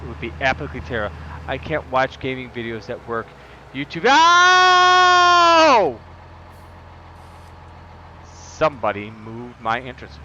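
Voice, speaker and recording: A male game streamer chats casually over gameplay, rambling and joking with plenty of fillers. His voice is bright and forceful, and a faint noise sits in the background. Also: medium pitch, fairly even intonation, brisk, muffled recording. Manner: rambling, jokey, with frequent fillers.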